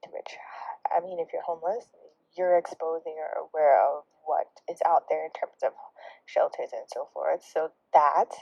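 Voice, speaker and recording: A woman's voice: low voice, steady tone, moderate pace, vocal fry, breathy edge, no echo. A young woman vlogger telling a story in a casual, sarcastic way, laughing and dropping into whispered asides. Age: young adult. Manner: drops into hushed, whispery remarks. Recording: dry, dull lo-fi recording.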